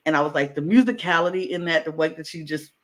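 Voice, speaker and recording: High-voiced, gushing man on a podcast. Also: fairly even intonation, fast talker, fairly bright tone, rough recording. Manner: gushing, enthusiastic. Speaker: podcast co-host. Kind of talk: casual chat.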